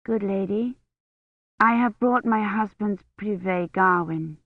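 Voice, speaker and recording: Woman reading a hushed, careful noblewoman. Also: medium pitch, slow pace, no room sound, phone-quality sound. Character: careful, soft-spoken noblewoman.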